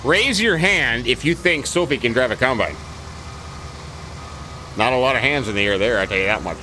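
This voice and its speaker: A man's voice: medium pitch, lively intonation, moderate pace, pauses often, bright, forceful tone, a little hiss or hum, poor audio. A man hosting a farming-game let's-play, chatting casually in a folksy, rambling way and repeating his stock phrases. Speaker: gaming channel host.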